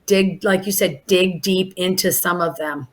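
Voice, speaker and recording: A woman in her forties who runs an in-home daycare, talking in a casual podcast interview with a warm, chatty manner and many restarts and fillers. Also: fairly low pitch, steady tone, a little slow. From Alaska.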